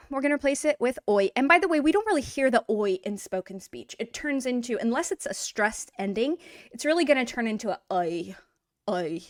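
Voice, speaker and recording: A woman teaching a language lesson in a casual, explanatory way, repeating words slowly to model pronunciation. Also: on the high side, fairly bright tone, no room sound, clean studio sound.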